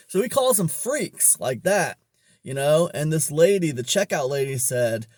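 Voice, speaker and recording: A man's voice: a little high, very animated, unhurried, no room sound, studio quality. A man talking about online business in a casual storytelling monologue, rambling along with many fillers and restarts.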